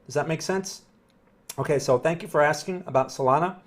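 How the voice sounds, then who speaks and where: A man with a Northern New Jersey accent talks through market charts on a live stream, his voice sitting a little higher than most men's. He explains patiently and casually, regularly pausing to ask whether it makes sense. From New Jersey, USA. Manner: conversational, explanatory, often checks "does that make sense"; upbeat when greeting viewers. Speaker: trading analyst streamer.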